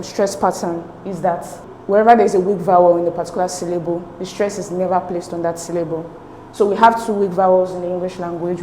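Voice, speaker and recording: Lowish-voiced woman tutoring in an echoey room. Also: dark tone. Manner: patient, methodical, checks in with "okay?". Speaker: teacher. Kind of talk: exam tutorial explanation. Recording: echoey room with faint noise.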